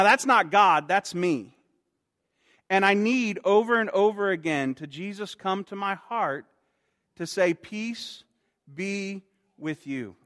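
A man preaching a sermon in an earnest way, growing soft and slow on quoted words. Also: high voice, long reverb tail. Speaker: pastor.

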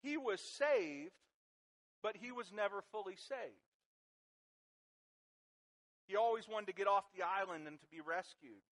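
A man pastor preaching a sermon to his congregation, animated and joking with them along the way. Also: sits high, moderate pace, pauses often, rough recording. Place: church sanctuary.

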